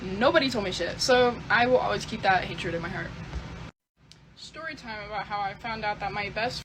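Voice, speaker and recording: A woman's voice: medium pitch, moderate pace, a bit bright, a little hiss or hum, poor audio. A young woman casually telling a confessional story, rambling and swearing a lot. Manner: profane, rambling, fillers like "type beat". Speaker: storyteller in a clip.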